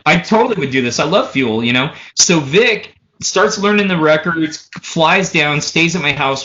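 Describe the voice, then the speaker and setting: Bright-voiced man telling a profane story. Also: a little high, highs cut off. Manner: animated, profane, runs stories with "he goes" and "so anyway". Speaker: drummer and podcast guest. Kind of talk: casual storytelling.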